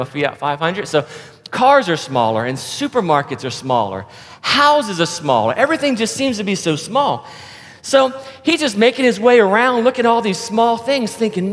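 A man preaching a sermon, telling a joke with lively acted-out voices for the people in it. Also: sits high, in a large hall. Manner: animated storyteller, acts out characters. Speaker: pastor. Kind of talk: sermon with storytelling.

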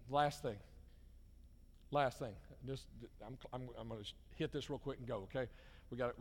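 A man preaching a sermon as pastor, talking casually to the congregation and building up to emphatic, repeated calls. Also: mid-range voice. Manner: conversational, rising to emphatic repetition. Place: church hall. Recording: long hall reverb.

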